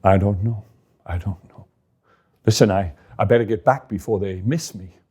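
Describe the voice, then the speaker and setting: A loyal young man delivering hard news, his voice dropped low and weighed with regret, as a storyteller puts him on. The delivery is plain and earnest, like a storybook character. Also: normal speed, warm tone, slightly rough. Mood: uneasy.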